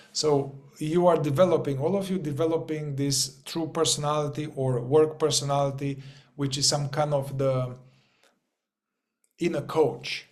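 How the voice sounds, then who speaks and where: A man whose pitch sits slightly high walks a group through a spiritual teaching. He speaks loosely and casually, often restarting and repeating words, drops offhand swear words, and voices small inner thoughts as little characters.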